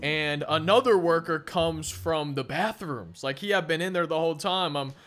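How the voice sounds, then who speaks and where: A man's voice: on the high side, normal speed, a bit bright. A young man casually telling a rambling story while playing a video game, with lots of restarts and fillers. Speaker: gaming storyteller. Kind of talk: casual story time over gameplay.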